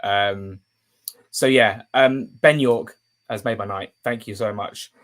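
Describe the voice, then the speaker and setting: Young guy streaming, rambly and um-heavy, gets all excited and emotional. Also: on the low side, slow pace. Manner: rambling, full of fillers and restarts. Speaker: football journalist streaming live. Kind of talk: casual live stream chat.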